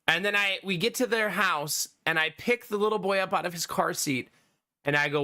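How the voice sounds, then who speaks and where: A man chats casually with his live viewers, spinning an exasperated story and breaking into laughter often. His voice sits a little high and has a bright, sharp edge. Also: normal speed. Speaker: live streamer chatting with viewers.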